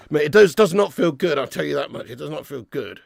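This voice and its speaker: High, gravelly, sweary football ranter. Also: male voice, expressive, moderate pace, dry recording, clean studio sound. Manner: sweary, ranting, swings between loud outbursts and low glum muttering. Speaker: YouTube fan channel host. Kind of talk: live football watch-along chat, reading super chats.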